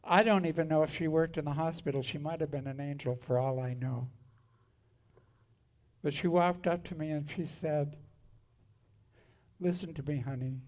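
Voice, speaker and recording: A man's voice: on the high side, normal speed, a little mellow. A man in his seventies telling stories on stage between songs, speaking frankly and wryly with crude jokes. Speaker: singer and storyteller on stage. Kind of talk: spoken storytelling between songs at a live show. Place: live music venue.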